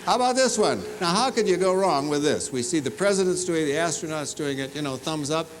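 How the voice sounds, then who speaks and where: A man's voice: on the high side, a little fast, rough recording. A man giving a commencement address in a large university fieldhouse, telling humorous stories and teasing the audience. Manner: animated, humorous storytelling with audience asides. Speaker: commencement speaker.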